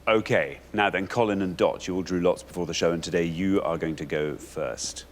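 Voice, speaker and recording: A man's voice: low voice, fairly even intonation, normal speed, a little hiss or hum. A man hosting a quiz show, announcing with playful, theatrical energy. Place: TV studio with audience.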